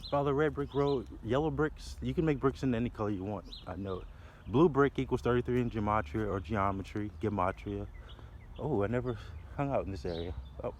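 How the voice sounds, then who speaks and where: A man's voice: mid-range voice, a little mellow, a little hiss or hum. A man vlogging on a walk outside, rambling playfully through wordplay and laughing often, with passing cars in the background. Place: outdoors by a library building near traffic. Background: passing cars and city sounds.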